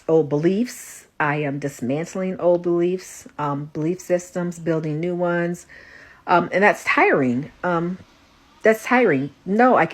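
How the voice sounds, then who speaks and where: A woman with a low, deep voice speaks from her bed into a phone, worn out and slightly stuffy with a runny nose. She rambles in a soft, halting way and often restarts her sentences, like a personal confessional vlog. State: tired and exhausted. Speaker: spiritual coach and psychic reader. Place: in bed at home.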